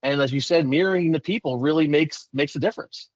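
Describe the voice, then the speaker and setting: A man chatting quickly and animatedly on a video call webinar. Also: fairly high pitch, no echo, dull audio. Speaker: webinar participant. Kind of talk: casual chat.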